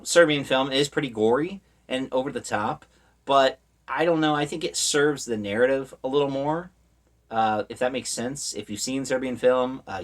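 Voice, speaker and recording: A man's voice: mid-range voice, fairly bright tone. A man talks through a film in a casual, off-the-cuff review, retelling the plot in loose, meandering sentences full of fillers. He keeps slipping in wry, sarcastic asides about how little sense it all makes. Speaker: horror movie reviewer. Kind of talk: casual spoken movie review.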